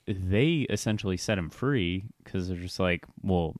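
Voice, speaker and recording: Deep-voiced man in casual chat. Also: lively intonation, measured pace, dry recording, clean studio sound. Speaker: podcast co-host. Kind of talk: casual fan discussion.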